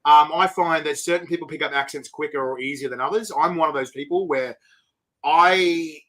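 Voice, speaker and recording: An Australian man hosting a casual online interview, excitable and rambling with lots of fillers. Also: on the high side, normal speed. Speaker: host. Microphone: video call.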